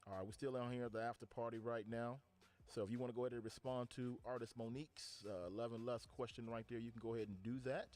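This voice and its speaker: A man hosting an online radio talk show, relaxed and chatty, often repeating words as he thinks. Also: medium pitch, quick pace. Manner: laid-back, repeats words while thinking. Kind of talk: casual talk show chat.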